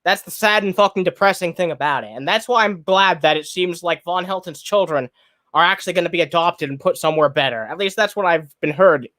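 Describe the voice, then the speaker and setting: A man with a fairly high voice talks on a live stream. He rants in a blunt, profane way, reacts to a video and shouts out to people in his chat. At times he talks while chewing. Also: a little fast. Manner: profane, blunt and ranting, greets chat viewers. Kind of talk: casual live-stream commentary.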